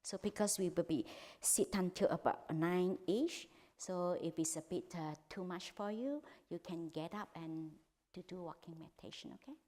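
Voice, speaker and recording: A woman leading a guided meditation in a soft, gentle voice that often drops to a half-whisper, with simple, repetitive instructions. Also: fairly low pitch, moderate pace. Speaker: meditation teacher.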